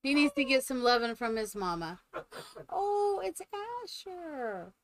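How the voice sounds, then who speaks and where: A woman's voice: fairly high pitch, very animated, normal speed, crowd noise. An older woman streaming a game, chatting casually, thinking aloud and cooing at her family. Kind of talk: casual gameplay chat.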